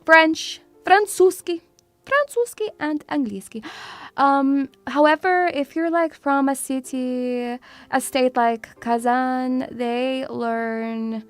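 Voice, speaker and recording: Young woman streamer, high voice, teasing and chatty, dry close sound. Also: slow pace, clean tone, no room sound. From Russia. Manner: playful, teasing, calls viewers sweeties. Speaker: VTuber streamer. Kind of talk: casual stream chat.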